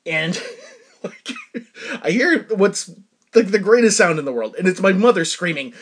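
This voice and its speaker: A man's voice: high-pitched, animated, fairly quick, slightly rough. A middle-aged man hosting a show, telling a personal story in a casual, rambling way full of fillers and bursts of laughter. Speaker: show host.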